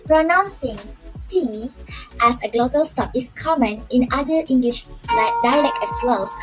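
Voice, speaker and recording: A woman student reading a class presentation with careful, steady delivery and small slips. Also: a little high, rough recording.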